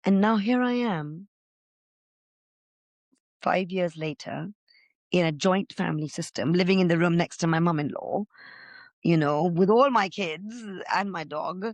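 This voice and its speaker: A middle-aged woman, a podcast guest, telling her own story with feeling, loud and gregarious by her own account. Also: on the low side, unhurried, pauses often, no echo. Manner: expressive, says she is loud and gregarious. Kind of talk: emotional personal storytelling.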